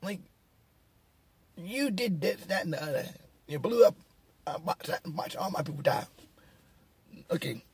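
A man's voice: high-pitched, sing-song, unhurried, pauses often, husky, dry recording. A man giving a casual, rambling film review, sarcastic and mocking, chuckling at his own jokes. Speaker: movie reviewer.

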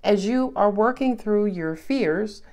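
A woman giving a casual tarot reading in a lively, chatty, playful way. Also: mid-range voice, slow. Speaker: tarot reader.

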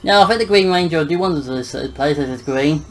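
A man's voice: fairly high pitch, fast talker, music in the background, low-quality recording. Joking guy playing a game. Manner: joking, muttering and swearing at the game. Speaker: gameplay commentator. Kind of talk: casual let's-play commentary.

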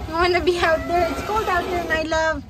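A woman's voice: extremely high pitch, flat delivery, fairly quick, very noisy. A young adult woman and mother, chatting casually and cooing in baby talk to her children while filming a family home video on a phone.

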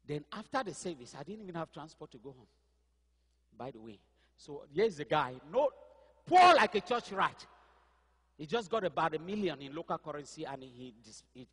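Husky man preaching in a reverberant hall. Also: a little high. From Cameroon. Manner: storytelling, swings from quiet asides to loud crying out. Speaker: pastor. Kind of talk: sermon testimony.

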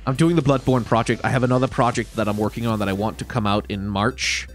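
A man's voice: mid-range voice, steady tone, quick pace, soft background music. Nasal man with blocked sinuses. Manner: rambling, self-correcting, swears casually. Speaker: YouTuber answering viewer questions. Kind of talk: casual solo Q&A outro.

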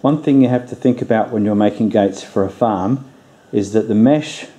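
Give me a congested, nasal man with a lowish voice, calmly walking through a building job. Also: moderate pace. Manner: relaxed, plain-spoken, practical. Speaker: DIY channel host. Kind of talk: casual how-to explanation.

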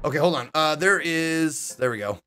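A man's voice: on the high side, expressive, moderate pace, sharp tone, clean tone. A man streaming a horror game, chatting and joking in casual commentary. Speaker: gaming streamer. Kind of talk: casual let's-play commentary.

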